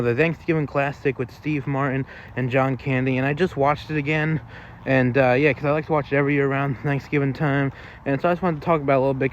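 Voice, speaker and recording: A man's voice: mid-range voice, dull audio, slight background noise. A man rambling through a casual, off-the-cuff movie review, full of fillers and loose swearing.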